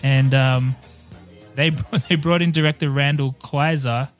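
A man's voice: mid-range voice, fairly even intonation, measured pace, soft background music. A man hosting a casual podcast chat, laughing often and filling with ums. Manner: chatty, laughs often, fillers. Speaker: podcast host. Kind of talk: casual chat, research recap.

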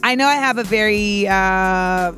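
A woman chatting casually and animatedly, swearing freely and acting out quotes with sudden shouts. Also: medium pitch, a little slow, faint music behind. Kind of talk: casual chat about a TV show.

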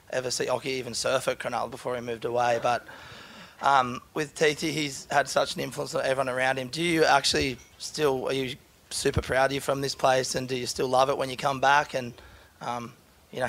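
A man's voice: mid-range voice, a bit bright. A man in the audience asking the panel a question, earnest, admiring and a little nervous on the mic. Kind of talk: question from the floor. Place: live panel at a bowling club in front of an audience.

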